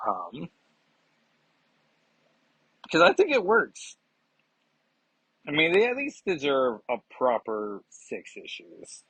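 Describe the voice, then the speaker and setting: A man's voice: fairly high pitch, huge pitch swings, takes it slowly, pauses often, fairly bright tone, breathy edge, no room sound. A man reviewing comics in casual chat, rambling and digressive with many fillers.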